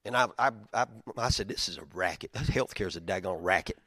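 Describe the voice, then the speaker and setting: Pastor with a dry sound. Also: male voice, a little fast, dry recording. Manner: conversational, storytelling with big swings in loudness and pitch. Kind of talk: sermon.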